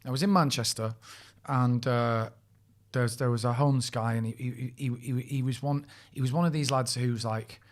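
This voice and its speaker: A man's voice: mid-range voice, steady tone, moderate pace. A man co-hosting a podcast, telling stories in casual chat, laughing often and mimicking the people he quotes. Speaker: podcast co-host.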